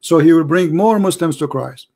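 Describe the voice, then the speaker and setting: A man with an Arabic accent hosting a live call-in show, hoarse from losing his voice, preaching fervently and rising to emphatic declarations. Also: a little high, normal speed, warm tone.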